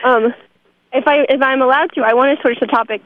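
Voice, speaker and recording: A woman's voice: sits high, steady tone, fairly quick. Woman host on a tinny phone line. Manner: thoughtful, with many fillers. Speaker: radio host. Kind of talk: interview.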